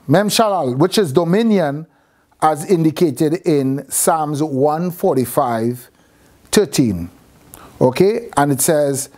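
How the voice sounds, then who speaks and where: Brief: male teacher, slightly higher voice, questioning, restarts mid-sentence, classroom lesson. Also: a little mellow. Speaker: Bible teacher. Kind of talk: classroom teaching on Hebrew letters.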